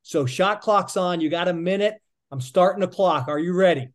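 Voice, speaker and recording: A man's voice: high-pitched, moderate pace. A man hosting a podcast with a slightly raised voice, upbeat and encouraging. He cheers his guest on with hyped, coach-like energy. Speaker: podcast host. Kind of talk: podcast interview.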